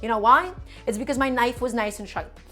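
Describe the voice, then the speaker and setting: A woman's voice: fairly high pitch, a little fast, bright, forceful tone, soft background music. A woman hosting a live cooking stream from her home kitchen, chatting enthusiastically with viewers as she chops vegetables. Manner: enthusiastic, repetitive, addresses viewers as friends.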